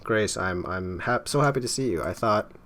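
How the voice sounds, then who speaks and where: A man's voice: fairly low pitch, lively intonation, moderate pace, fairly bright tone. A man voicing a confused young man from a game who wants to escape, speaking in a hesitant, pleading way. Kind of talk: reading game dialogue aloud.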